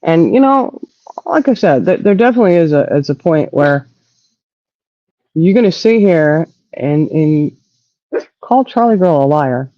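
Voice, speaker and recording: A woman hosting a casual live-stream talk show, indignant and animated, swearing freely. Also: sits low, a little slow, long pauses, dry recording, lo-fi sound. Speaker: host.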